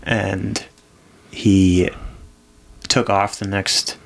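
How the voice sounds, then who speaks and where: A man with a low, gravelly voice chatting casually on a podcast. He tells stories loosely and jokingly, rambling from one point to the next. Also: flat delivery, drawn-out words, fairly bright tone, slight background noise. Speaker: podcast co-host. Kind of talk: casual chat.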